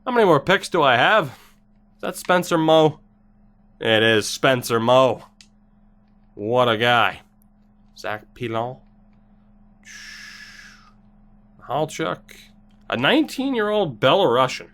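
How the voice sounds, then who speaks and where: A man at a desk mic streaming a hockey video game. He mutters wry, sarcastic remarks as he plays and reads viewers' comments aloud, with a pitch that swings up and down constantly. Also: very animated, slow pace, pauses often, fairly bright tone. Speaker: gaming streamer.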